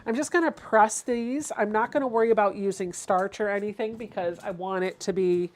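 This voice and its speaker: A woman's voice: mid-range voice, brisk. Woman host, casual sewing tutorial, talkative, greets viewers between steps. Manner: chatty, explains each step while reading viewer comments aloud.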